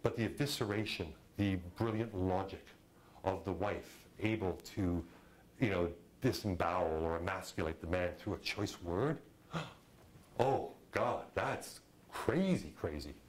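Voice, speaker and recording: A middle-aged man teaching a film directing class, talking in a lively, conversational way and acting out quotes. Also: sits low, measured pace, low-quality recording. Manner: animated, conversational, acts out quotes. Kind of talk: lecture to a class.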